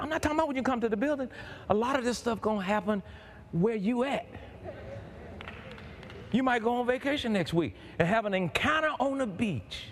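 Fervent preacher man, high and lively. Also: a little fast, pauses often, slight background noise. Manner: fervent, building to shouts, calls and responses with the congregation. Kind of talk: sermon.

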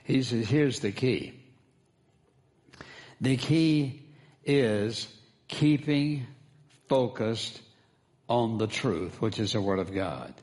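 A man's voice: medium pitch, expressive, very slow, long pauses, a little mellow. A man as pastor, preaching a sermon, calling for responses from the congregation and repeating key phrases for emphasis.

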